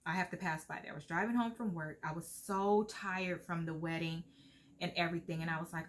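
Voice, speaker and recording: A middle-aged woman talks straight to her viewers, earnest and heartfelt. Her voice sits a little low, and she sounds close to tears at times. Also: fast. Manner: heartfelt, earnest, lively pitch swings. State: emotional, near tears at times. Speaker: vlogger. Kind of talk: casual talk to camera.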